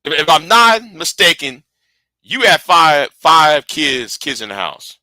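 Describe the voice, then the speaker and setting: Early-40s man, home livestream host. Rambling, repeats himself, slangy, bright tone, dry close sound. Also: fairly high pitch, big pitch swings, slow pace, dry recording. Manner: rambling, repeats words, talks to chat. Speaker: channel host. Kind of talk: casual livestream chat with viewers.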